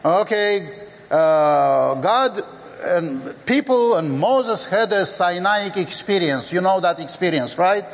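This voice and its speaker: A man preaching a sermon in a slow, deliberate way, with frequent fillers, acting out the scripture dialogues in lively voices. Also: high voice. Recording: long hall reverb.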